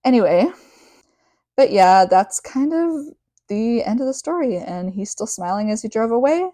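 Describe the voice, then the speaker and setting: A young woman talks through a book chapter in a loose, rambling podcast style, full of filler words and tangents. Her voice is mellow and soft-edged, and the recording is dry and close with little room sound. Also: mid-range voice, dry recording. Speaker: podcast host. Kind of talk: casual book recap podcast.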